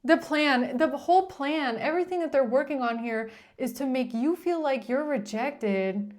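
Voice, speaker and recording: A woman's voice: sits high, normal speed, darkish tone, slight background noise. A woman giving a casual tarot reading, speaking bluntly and with exasperation, swearing freely and rambling through restarts. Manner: rambling, with frequent restarts and filler "like". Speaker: tarot reader.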